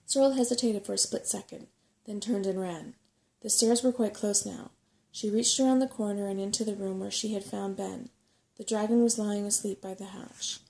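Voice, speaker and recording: A woman reading a bedtime story aloud in a gentle, unhurried, soft-spoken ASMR voice. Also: mid-range voice, steady tone, vocal fry.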